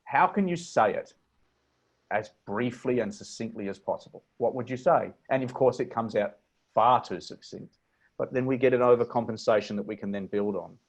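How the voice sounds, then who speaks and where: Australian male presentation coach, measured and deliberate, mid-pitched, computer mic on a video call. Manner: measured, deliberate delivery with demonstrative inflections. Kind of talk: webinar coaching talk.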